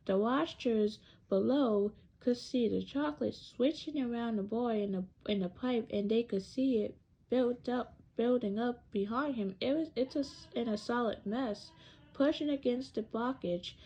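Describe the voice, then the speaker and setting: A woman reading a children's novel aloud, slowly and haltingly, often stumbling and restarting her words. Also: fairly high pitch, dark tone, husky, rough recording. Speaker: reader.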